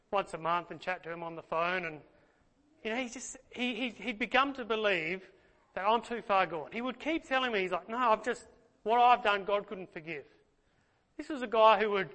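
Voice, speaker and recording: A man's voice: high voice, sharp tone. A man preaching an earnest sermon, closing in prayer and speaking with feeling. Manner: earnest, emotional, fillers and restarts. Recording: long hall reverb.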